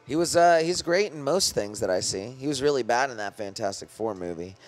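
A man's voice: mid-range voice, expressive, brisk, faint music behind. A young man co-hosting a podcast in loose, rambling casual chat, full of slang and swearing. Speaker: podcast co-host.

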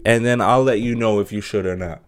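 A man's voice: fairly low pitch, fairly even intonation, brisk. A young man hosting a solo podcast, chatting casually in a rambling, jokey way with many fillers and restarts. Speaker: podcast host.

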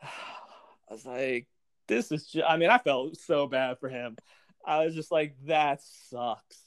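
A man co-hosting a casual TV recap podcast, animated, acting out characters' lines as he retells scenes. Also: fairly high pitch, a little slow, no room sound, studio quality. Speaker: podcast co-host.

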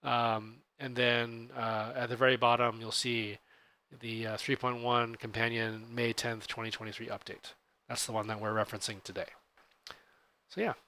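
A man co-hosting a podcast, chatting casually about tabletop gaming in a relaxed, explanatory way. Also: medium pitch, normal speed. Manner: relaxed, explanatory, self-correcting. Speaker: podcast co-host.

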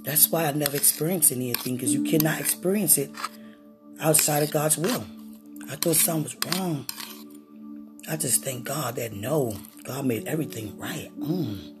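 A woman speaking intimately and effusively to her husband, sighing and exclaiming often, swinging between high excitement and low murmurs. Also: moderate pace, music in the background. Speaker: wife talking to her husband. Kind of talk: intimate casual talk to a partner.

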